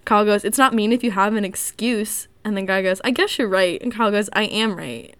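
A young woman in casual chat, reading dating-app messages aloud with animated, giggly storytelling. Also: medium pitch, a little fast, clear, resonant tone, no echo.

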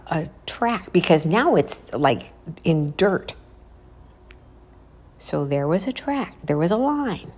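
A woman telling a spooky story casually while out walking, dropping to a hushed whisper at the tense parts. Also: fairly low pitch. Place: outdoors, walking.

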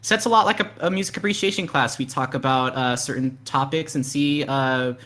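A man hosting a casual live stream, talking in a playful, halting way with frequent laughs. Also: medium pitch, pushed and bright. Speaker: host.

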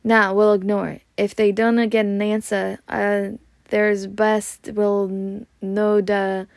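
A woman voicing a blustering, angry middle-aged uncle with a gruff manner. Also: mid-range voice, flat delivery, slow, no room sound, clean studio sound.

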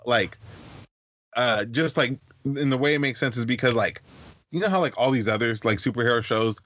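A man's voice: medium pitch, moderate pace, fairly bright tone, no room sound. Earnest young man in a dry room. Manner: rambling, lots of "like" fillers, earnest. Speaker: podcast co-host. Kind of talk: casual chat.

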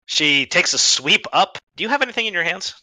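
A man acting as game master, narrating an online tabletop game in a lively way with quick restarts. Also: high-pitched, no echo, low-quality recording.

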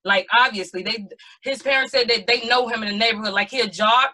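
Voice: medium pitch, fairly even intonation, fairly quick, pushed and bright, low-quality recording. A speaker in a casual group discussion, talking emphatically and bluntly and stressing points with a firm "period". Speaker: panel participant.

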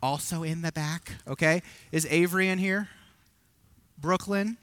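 A man's voice: fairly high pitch, unhurried, a bit bright, dry recording. A man preaching a sermon from a church stage, earnest and emotional, with self-deprecating asides to the congregation.

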